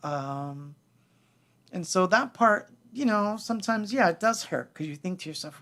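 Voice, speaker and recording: A man's voice: high voice, animated, measured pace, bright, forceful tone. A middle-aged man telling the story of his band in a casual livestream, candid and rambling, acting out what others said. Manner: candid, rambling, acts out quoted voices.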